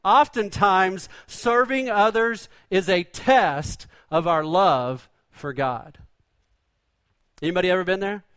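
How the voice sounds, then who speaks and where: Male pastor, high-pitched, conversational folksy sermon delivery, dry recording. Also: slow, fairly bright tone, clear, resonant tone, dry recording. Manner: folksy, conversational preaching with rhetorical questions.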